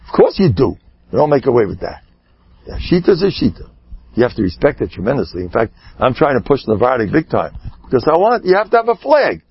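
A rabbi giving an animated sermon, swinging between shouting and hushed asides, with Yiddish and Hebrew words woven in. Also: male voice, medium pitch, brisk, gravelly, husky, dull audio. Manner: peppers speech with Yiddish and Hebrew terms. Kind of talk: sermon storytelling.

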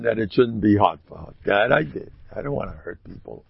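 A man giving a storytelling sermon, talking in an animated way with sudden loud, emphatic rises. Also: on the low side, brisk, gravelly, few pauses, husky, no echo. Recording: dull lo-fi dry recording.

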